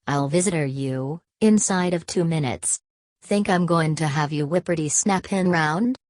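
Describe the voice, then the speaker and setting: A woman's voice: deep voice, measured pace, a little mellow, dry recording, clean studio sound. A woman voicing a brawny working-class smith who threatens and sneers, dropping his word endings. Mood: furious.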